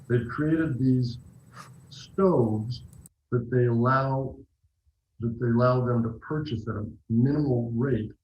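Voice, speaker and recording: A man's voice: medium pitch, roomy sound, dull audio, a little hiss or hum. A man being interviewed as an actor guest, talking reflectively and telling stories with restarts. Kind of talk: casual interview talk.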